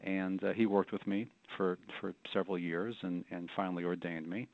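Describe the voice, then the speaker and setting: A man's voice: deep voice, steady tone, moderate pace, creaky, no room sound. A middle-aged man, a rabbi and author, telling his story as an interview guest in a reflective way, often repeating words as he goes. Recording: dry, tinny phone line.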